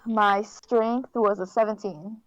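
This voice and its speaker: A woman's voice: medium pitch, steady tone, takes it slowly, dry recording, dull audio. Teasing young woman, dry close sound. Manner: playful, teasing. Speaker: player. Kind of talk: casual tabletop play.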